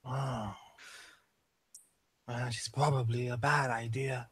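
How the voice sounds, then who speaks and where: A man's voice: medium pitch, flat delivery, slow, fairly bright tone, slightly rough, no room sound, studio quality. A man playing a huge, naive stranger who speaks in a stilted, formal way. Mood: calm. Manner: formal, stilted, literal-minded. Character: large looming naive formal male stranger.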